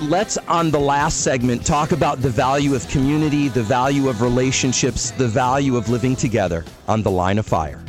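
A man hosting a radio talk show, interviewing a caller in a brisk, friendly way and moving toward a break. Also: mid-range voice, music in the background. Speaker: radio host.

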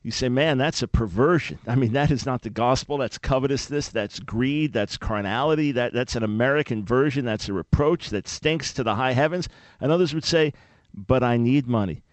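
A man's voice: mid-range voice, a little fast, no room sound. A man hosting a call-in radio show, speaking in an earnest, emphatic way. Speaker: radio talk show host. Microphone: studio microphone.

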